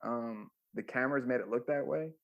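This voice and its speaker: A man with a gravelly, mid-pitched voice, giving a casual interview. He tells long, animated stories full of fillers and restarts. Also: a little fast, dull audio. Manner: rambling, animated anecdotes with many fillers. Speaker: guest, former music manager.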